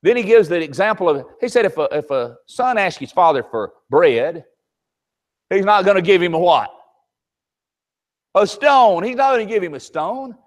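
Animated older preacher. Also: male voice, high-pitched, normal speed. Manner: animated storytelling, acts out voices in anecdotes. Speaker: preacher teaching a Sunday class. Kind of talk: folksy Bible class sermon.

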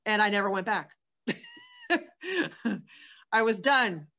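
A woman's voice: medium pitch, takes it slowly, bright, forceful tone, lo-fi sound. Earnest woman sharing a personal testimony. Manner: candid, earnest storytelling with many fillers. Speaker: guest.

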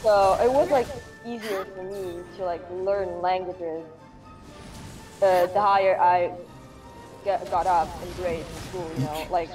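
A woman's voice: lowish voice, steady tone, measured pace, distant mic, music in the background. A young woman from Luxembourg, speaking English with a French accent and chatting casually with lots of "like" fillers. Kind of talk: casual chat on a livestream.

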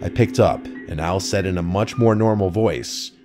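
A man narrating a true horror story in a calm, measured, scripted way. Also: low voice, faint music behind.

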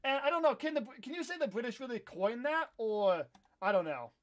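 Excitable American guy with a high voice. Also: fairly quick. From United States. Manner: rambling, self-correcting, excitable bursts. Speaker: live-stream gamer. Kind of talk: casual live-stream chat while gaming.

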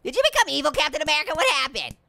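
A squeaky, giggly cartoon orange. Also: male voice, very animated, rapid-fire, gravelly, heavily acted. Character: hyper, giggly talking orange, pun-loving, male. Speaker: game commentator. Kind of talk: gameplay commentary. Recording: noisy recording.

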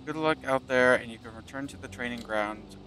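A man's voice: medium pitch, fairly quick. A man giving casual gameplay commentary, joking and stumbling as he reads tutorial text aloud. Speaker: gaming video host. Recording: with loud game music behind.

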